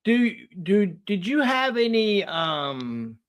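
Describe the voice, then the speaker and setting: A man hosting an interview, asking eager, halting questions. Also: high-pitched, sing-song, smooth. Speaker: host.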